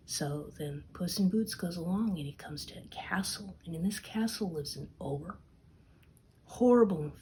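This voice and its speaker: Slow, husky woman telling a fairy tale. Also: lowish voice. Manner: slow, expressive, dips into whispers. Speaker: storyteller. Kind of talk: storytime narration.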